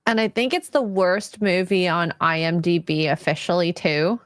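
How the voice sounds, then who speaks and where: A woman's voice: on the low side, steady tone, normal speed, dry recording, studio quality. A woman co-hosting a casual livestream chat, laughing often and throwing in teasing quips.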